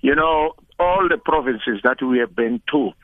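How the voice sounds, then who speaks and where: An older man with a South African accent, a former football coach speaking as a guest over the phone in a relaxed, chatty way. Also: mid-range voice, a little slow, no echo. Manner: relaxed, chatty, repeats words when starting. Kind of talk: phone interview. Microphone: telephone. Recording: tinny phone line.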